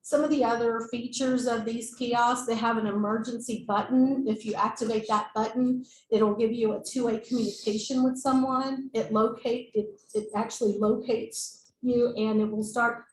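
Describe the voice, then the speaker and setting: A woman's voice: on the high side, fairly even intonation, moderate pace, hardly any pauses. A woman giving a presentation at a board meeting, informal, with fillers and self-corrections. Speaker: staff member presenting to a board. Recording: echoey room mic, faint noise.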